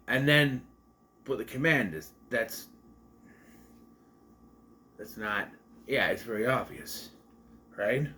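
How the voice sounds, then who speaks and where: A young man giving a casual, rambling movie review, often correcting himself mid-sentence. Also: medium pitch. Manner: rambling, self-correcting, animated. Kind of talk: casual spoken film review.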